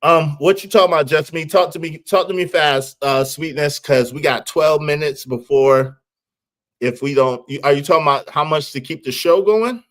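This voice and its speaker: A man hosting a casual live stream, animated and teasing, with frequent laughs. His voice sits a little high for a man. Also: moderate pace. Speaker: livestream host.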